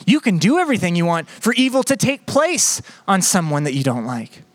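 High-voiced male preacher, dry sound. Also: huge pitch swings, dry recording. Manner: conversational and playful, swinging between quick asides and slow emphatic phrases. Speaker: pastor. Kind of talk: sermon.

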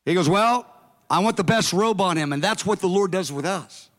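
A male pastor preaching a sermon, acting out the characters' lines slowly and emphatically. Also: high voice, fairly bright tone, in a large hall.

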